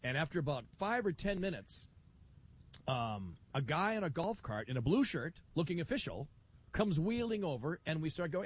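A middle-aged man hosting live radio from a county fair. His voice sits a little high and swings widely in pitch as he spins an animated story, slipping into other people's voices. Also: normal speed, husky. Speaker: radio talk show host. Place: outdoor broadcast booth at a county fair.

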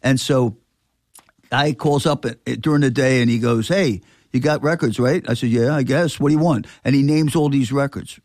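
A man's voice: medium pitch, normal speed, dry recording, studio quality. An older man, a record store owner telling a story in casual chat, acting out the voices of people in it. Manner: animated, acts out quoted dialogue.

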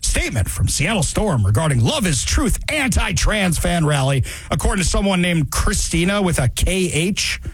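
A man's voice: high-pitched, normal speed, husky, no room sound. A man hosting a talk show, delivering a sarcastic, opinionated commentary monologue. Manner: sarcastic, mocking, animated.

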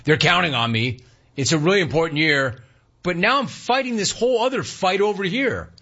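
A man's voice: high-pitched, animated, fairly quick, pushed and bright, breathy edge, pitched above the performer's own voice, heavily acted. A man playing a rattled young football star, speaking in an incredulous, anxious ramble. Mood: overwhelmed. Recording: slightly muffled radio broadcast.

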